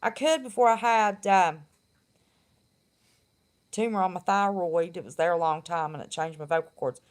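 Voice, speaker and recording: A woman's voice: lowish voice, normal speed. A middle-aged woman, chatting casually and bluntly on her live stream and laughing often. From West Virginia.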